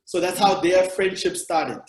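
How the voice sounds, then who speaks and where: This unhurried, high-pitched male voice belongs to a South African podcast host and comedian. He talks in a relaxed way, wandering through lengthy historical explanations in a room with noticeable echo.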